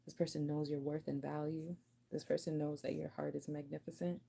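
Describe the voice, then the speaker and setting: A woman's voice: low voice, flat delivery, fairly quick, vocal fry, mellow, slightly rough. A woman giving a casual channelled reading to the viewer, chatty and giggly, with loose slangy talk. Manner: spoken to the viewer as "you". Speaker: intuitive card reader.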